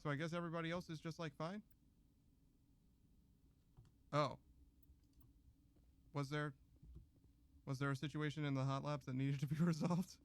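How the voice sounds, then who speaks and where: A man's voice: a little high, steady tone, a little fast, long pauses, smooth. A man giving playful, joking gameplay commentary with rambling asides. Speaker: let's play streamer.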